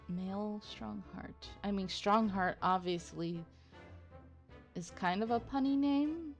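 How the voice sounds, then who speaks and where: A woman giving casual, chatty commentary on a game playthrough, musing aloud and laughing often. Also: medium pitch. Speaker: gamer, let's play host.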